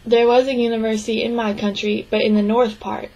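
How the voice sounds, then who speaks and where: A young woman interpreting a signed interview into spoken English, speaking in short, halting phrases with restarts and frequent throat clearing. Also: fairly high pitch, level tone, dark tone, rough recording. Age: young adult. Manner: clears her throat often. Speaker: sign language interpreting student.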